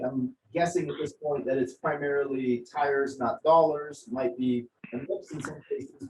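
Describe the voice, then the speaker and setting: A man's voice: a little high, darkish tone. Man interviewer in a roomy space. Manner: explanatory, leading questions. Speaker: interview host. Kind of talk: interview questions. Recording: roomy, distant mic with faint noise.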